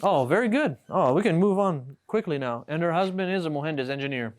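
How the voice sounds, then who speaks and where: A man teaching a live class, with a fairly high voice. He explains each word patiently, often stopping to ask "right?", and reads the example sentences aloud. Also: lively intonation, brisk. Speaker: Arabic teacher. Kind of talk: classroom lesson. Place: classroom with students.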